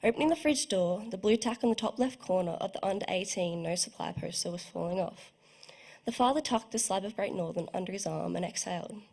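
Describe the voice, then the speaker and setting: A woman's voice: medium pitch, brisk, gravelly, a little mellow. A young woman reading her own short story aloud at a book launch, careful and evocative, with the odd small slip. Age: young adult. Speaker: student writer reading her work. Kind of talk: literary reading.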